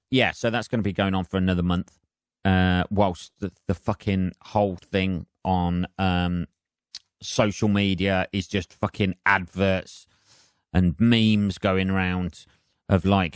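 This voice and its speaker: A man's voice: sits low, smooth, no echo, clean studio sound. A man hosting a solo podcast, rambling and self-mocking with lots of swearing. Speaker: podcast host.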